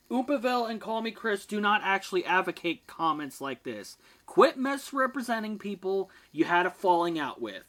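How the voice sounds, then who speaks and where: Reaction host, sarcastic, profane, mock-angry, average pitch. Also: sing-song, normal speed, hardly any pauses, fairly bright tone. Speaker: commentary video host. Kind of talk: reaction commentary.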